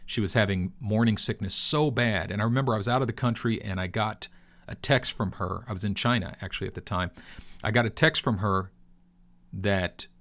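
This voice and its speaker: A man's voice: fairly low pitch, fairly bright tone. Earnest man telling a heartfelt story. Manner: earnest, preacher-like storytelling with long pauses. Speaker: crypto video host. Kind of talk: heartfelt personal talk.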